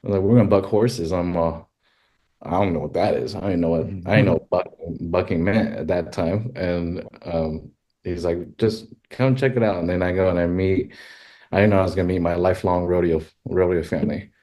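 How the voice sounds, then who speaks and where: Podcast guest, male, very low voice, casual storyteller who jumps into high exclamations. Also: brisk. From California. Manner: animated, exclaims in high pitch when quoting himself. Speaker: guest, rodeo filmmaker.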